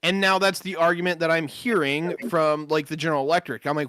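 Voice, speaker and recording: A man on an online panel, talking bluntly with lots of swearing and halting restarts. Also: a little high, level tone, pushed and bright, no room sound. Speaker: panel member. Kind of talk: heated online panel discussion.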